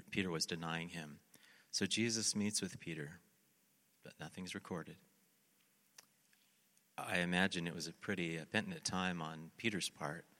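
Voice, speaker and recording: A man with a very low voice preaches a sermon, and his tone is bright and forceful. He tells the story animatedly and acts out the lines of the characters. A long reverb rings around him, as if he is in a big hall. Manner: animated storytelling, acting out scripture quotes. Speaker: pastor.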